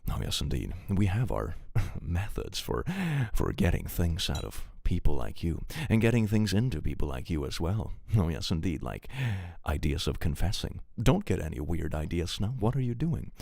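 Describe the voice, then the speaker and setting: A man voicing a creepy, leering male detective interrogator in a low, sly hush, as whispered role-play. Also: big pitch swings, normal speed, gravelly, few pauses, no echo, full character voice.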